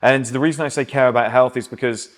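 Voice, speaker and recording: A man's voice: medium pitch, steady tone, fast talker. A man, giving blunt, emphatic dating advice in a casual, conversational monologue. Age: 30s.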